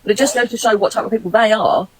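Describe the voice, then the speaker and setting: A woman's voice: fairly high pitch, steady tone, very fast, fairly bright tone, a little hiss or hum, poor audio. A woman talking indignantly in a played clip, complaining that something is wrong.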